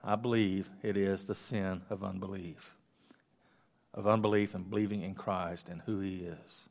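Low-pitched and a little mellow, with a flat delivery, a man reads scripture aloud during a Bible study. He then goes over it again slowly, restarting and adding casual asides, on a close microphone.

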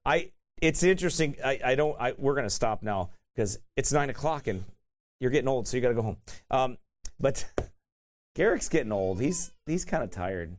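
A man's voice: medium pitch, lively intonation, moderate pace. A man teaching a sermon in a conversational way, often tossing in "right?" and laughing at himself. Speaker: pastor.

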